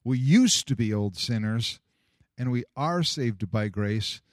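A man's voice: mid-range voice, animated, slow, no room sound, studio quality. A man preaching a sermon, telling stories and acting out the voices in them with a chuckle. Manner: storytelling, acts out quoted voices, chuckles at own jokes.

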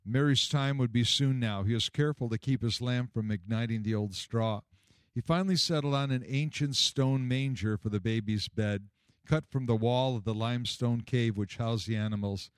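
A male storyteller reads in a measured, expressive way. His voice sits at a middle pitch. The sound is dry and close to the mic. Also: clean tone, dry recording. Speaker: narrator. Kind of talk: storybook narration.

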